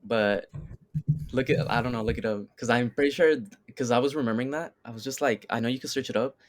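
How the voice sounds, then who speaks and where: A man's voice: mid-range voice, fast, a little hiss or hum. A young man co-hosting a podcast, chatting casually with slang, fillers and frequent restarts. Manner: laid-back, slangy, many fillers and restarts. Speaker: podcast co-host. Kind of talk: casual chat.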